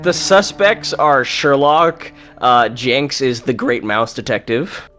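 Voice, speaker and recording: A man's voice: medium pitch, takes it slowly, sharp tone, soft background music. A man co-hosting a let's-play show, making dry, joking remarks. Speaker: game show co-host. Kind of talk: casual let's-play commentary.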